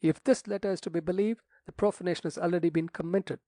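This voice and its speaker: A man voicing an impatient young squire who speaks brisk and direct. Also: high voice, steady tone, dark tone, no echo, lightly acted. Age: young adult.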